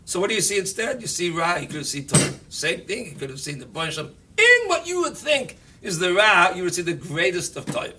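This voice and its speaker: A man giving an animated, emphatic Torah talk on the weekly portion as a rabbi, sprinkling in Yiddish and Hebrew terms. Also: sits high, fairly quick, few pauses, distant mic, slight background noise.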